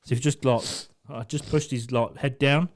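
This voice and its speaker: A young man tells a rowdy story on a podcast. He swears freely and laughs through it. His voice sits at a middle pitch. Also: steady tone, moderate pace. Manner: swearing, laughing, acts out shouted quotes. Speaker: podcast co-host. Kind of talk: casual storytelling chat.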